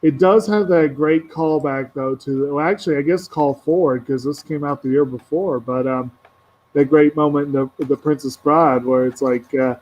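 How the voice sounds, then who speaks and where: A man's voice: medium pitch, steady tone, normal speed, a little mellow, poor audio. A man in a casual movie chat, rambling as he recaps scenes. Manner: rambling, acts out character quotes.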